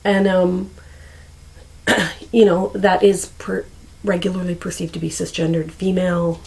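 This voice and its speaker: A woman's voice: fairly low pitch, level tone, unhurried, creaky, long pauses, a little mellow, rough recording. A woman in her forties chatting casually to the camera, rambling and often searching for words. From Canada. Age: 40s. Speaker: vlogger.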